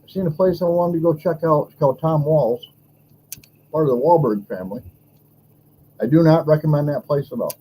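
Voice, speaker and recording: A man tells a story in a blunt, complaining, casual rant, acting out both sides of each exchange. His voice sits a bit high for a man but sounds mellow and soft-edged. A faint steady hum runs under the recording. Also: a little fast, long pauses, rough recording. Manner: aggrieved, blunt, acts out dialogue. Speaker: podcast host.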